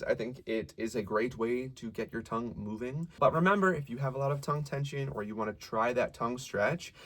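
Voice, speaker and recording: A young man coaching rock singers through vocal warm-ups, explaining calmly and sometimes singing short drills. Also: fairly low pitch, slight background noise. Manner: relaxed and encouraging, demonstrates sung warm-up drills. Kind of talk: singing lesson with sung exercises.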